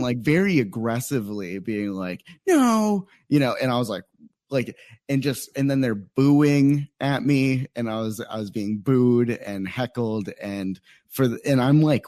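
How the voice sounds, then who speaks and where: A man's voice: mid-range voice, a little mellow, no echo, studio quality. A young adult man from Phoenix, a stand-up comedian telling a story in casual chat, rambling with many fillers. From Phoenix, Arizona. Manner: rambling, lots of "like" fillers and quoted asides.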